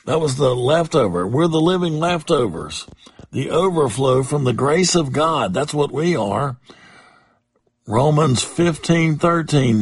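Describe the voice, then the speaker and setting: A male pastor closing a sermon with slow, earnest, drawn-out phrasing. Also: medium pitch, husky, dry recording.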